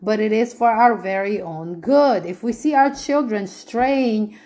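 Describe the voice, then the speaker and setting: A woman's voice: medium pitch, measured pace, a little mellow. Earnest woman teaching a Bible study. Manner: earnest, repeats points, asks rhetorical questions.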